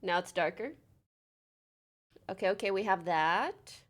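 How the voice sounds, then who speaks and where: Thanking her viewers by swiftly reading their names, a twenty-something woman chats on a livestream, bubbly and full of talk. Her voice is medium-pitched and expressive.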